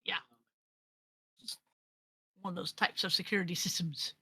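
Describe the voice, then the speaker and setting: A woman running a tabletop role-playing game as game master, describing scenes haltingly with many restarts. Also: fairly low pitch, fairly even intonation, bright, forceful tone, breathy edge, no room sound. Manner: halting, full of restarts and fillers.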